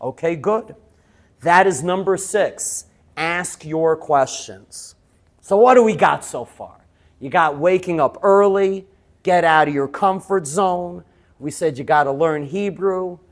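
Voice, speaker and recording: A male teacher lecturing students. He tells lively stories, laughs as he goes and keeps checking in with "yes?". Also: on the high side, takes it slowly. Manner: laughs while telling stories.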